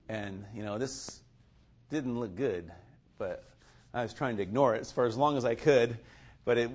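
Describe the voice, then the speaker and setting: Chuckling man telling his testimony. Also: mid-range voice. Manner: chuckles often, loose and conversational with many fillers; acts out other people's lines in lively quoted voices. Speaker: speaker sharing a personal faith testimony. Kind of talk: casual storytelling testimony.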